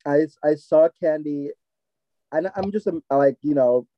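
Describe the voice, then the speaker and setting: A man's voice: a little high, unhurried, no room sound, highs cut off. A man co-hosting a podcast, rambling through his opinions and acting out quoted moments. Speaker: podcast co-host. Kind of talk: casual recap chat.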